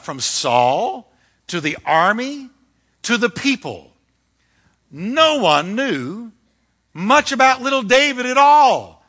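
Fiery, bright-voiced male pastor preaching. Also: high voice. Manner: fiery, emphatic preaching with dramatic shifts. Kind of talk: sermon.

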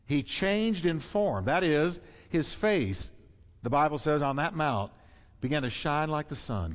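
A man preaching in a reverberant church hall, his voice somewhat high and very lively in pitch. He swings from loud, soaring emphasis to quiet, low asides, with a long reverb trailing each phrase. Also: a little slow. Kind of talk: sermon.

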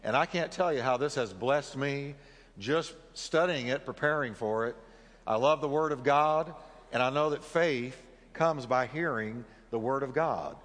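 A male pastor delivering an earnest sermon at a middle pitch. He leads his congregation through scripture readings and prayer. His voice carries the long reverb of a church sanctuary. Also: measured pace, fairly bright tone.

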